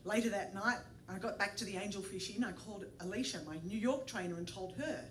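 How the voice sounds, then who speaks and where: A woman's voice: medium pitch, fairly quick, distant mic. A woman from Australia, telling a personal story and doing voices for the people in it. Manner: animated, puts on voices for the people in the story, laughs along. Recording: echoey room with faint noise.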